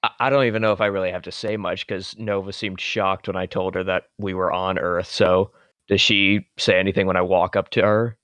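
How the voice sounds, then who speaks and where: A man's voice: low voice, flat delivery, a little fast, a bit bright, dry recording, highs cut off. A man playing a tabletop game who talks hesitantly and stammers as his character. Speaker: player. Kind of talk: tabletop role-play.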